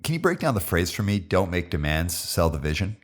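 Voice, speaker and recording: A man's voice: sits low, very animated, fairly quick. A man hosting a podcast, asking short questions and reacting. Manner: brief interjections and questions. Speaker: podcast host. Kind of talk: interview questions.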